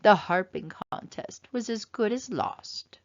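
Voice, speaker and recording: A woman reading a children's picture book aloud with expressive, dramatic narration. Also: medium pitch, measured pace. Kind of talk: storybook read-aloud narration. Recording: slightly dull, dry lo-fi sound.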